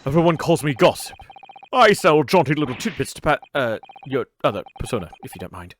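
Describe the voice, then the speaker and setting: A man's voice: mid-range voice, big pitch swings, fairly quick, faint music behind, voice pushed up, lightly acted. A man doing a blustering Scottish prison governor. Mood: defensive. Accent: put-on Scottish.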